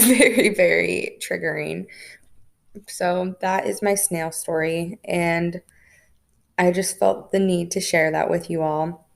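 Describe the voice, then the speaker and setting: Young woman podcast host, kinda low voice w some vocal fry, chatty and rambly. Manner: chatty storytelling, frequent "like" fillers. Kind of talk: casual spiritual podcast talk.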